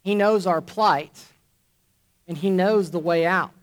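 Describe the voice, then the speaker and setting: A man preacher delivering a sermon to a congregation, emphatic and deliberate, repeating key phrases for weight. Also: high voice. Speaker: pastor. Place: church congregation.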